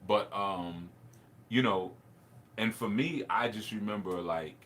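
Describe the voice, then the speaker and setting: A man's voice: fairly low pitch, slow pace, fairly bright tone, slight background noise. A man, a spiritual teacher, telling a personal story in a rambling, reflective way, with laughs and restarts.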